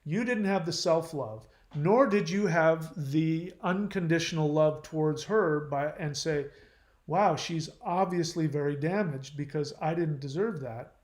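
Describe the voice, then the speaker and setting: A man's voice: fairly high pitch, measured pace, a little mellow, reverberant. A man hosting his channel, reading viewer comments aloud and answering them in a blunt, lecturing way.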